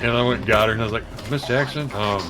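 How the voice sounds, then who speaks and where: Man, game streamer, casual profane storytelling, mimics quoted voices, music playing loudly behind. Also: lowish voice, flat delivery, racing. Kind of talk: casual storytelling over gameplay. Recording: loud background music.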